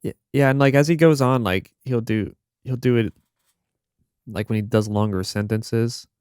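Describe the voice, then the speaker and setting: A young man co-hosting a podcast, chatting casually with halting restarts and swearing. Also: medium pitch, a little mellow, smooth, dry recording, studio quality. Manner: rambling, profane, halting restarts. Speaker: podcast co-host. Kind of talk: casual chat.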